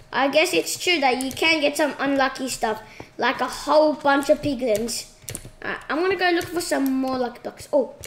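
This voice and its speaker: A woman giving casual, excitable commentary while playing a game, shrieking at surprises. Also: high voice. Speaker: gaming channel host. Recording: echoey room with clear noise.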